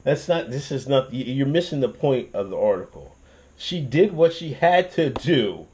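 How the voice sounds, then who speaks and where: A young man with a mid-range voice and normal speaking speed rants on his channel, swearing a lot. The commentary is casual and animated, full of restarts and laughs.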